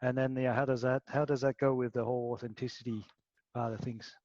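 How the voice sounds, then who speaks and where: A man's voice: mid-range voice, little pitch movement, fast talker, a little mellow, no room sound. A man asking a question in a webinar over a video call, hesitant and joking, with many restarts. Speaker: webinar participant. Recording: dry muffled call audio.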